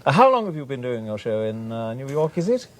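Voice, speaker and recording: A man's voice: mid-range voice, big pitch swings, a little fast, close to an everyday voice. A man putting on a pompous, erudite upper-class English character with a plummy accent. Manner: pompous, affected.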